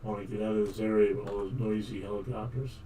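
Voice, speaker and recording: A man's voice: lowish voice, steady tone, quick pace, dark tone. Rambling guy chatting to his stream while he plays, mic a bit far off, faint hiss. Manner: rambling, talks to viewers as "guys". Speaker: game streamer. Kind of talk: casual stream chat. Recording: distant mic with faint noise.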